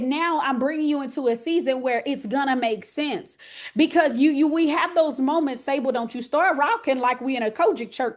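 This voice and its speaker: High-voiced Texas woman preaching. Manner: folksy, country slang, talks to listeners by name. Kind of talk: lively sermon to women's group.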